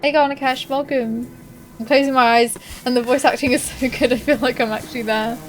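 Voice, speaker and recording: A woman's voice: high voice, fairly even intonation, a little fast, slight background noise. A young woman streaming a game, chatting casually and giggling as she answers her viewers. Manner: friendly, giggly replies to chat. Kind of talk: casual live-stream chat.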